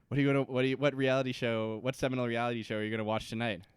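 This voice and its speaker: A man's voice: medium pitch, little pitch movement, very fast, clear, resonant tone, no room sound. A man co-hosting a podcast, chatting casually and jokingly about a TV show, drifting off on tangents. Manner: joking, rambling, goes off on tangents. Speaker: podcast co-host. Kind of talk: casual chat recapping a TV show.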